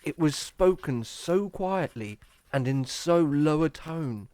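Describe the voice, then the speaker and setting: An earnest young Victorian traveller, voiced by a man who narrates a gothic audio drama. His voice sits a little high for a man, and he tells the story in a measured, storytelling way. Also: expressive, mellow, dry recording. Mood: tense.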